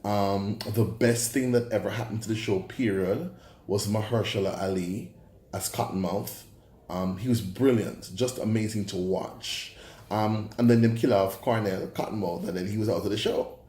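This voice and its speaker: A man's voice: on the low side, normal speed, echoey room. A man with a Jamaican accent giving a casual, exasperated review of a TV show, now and then slipping into patois. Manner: animated, exasperated, drops into patois.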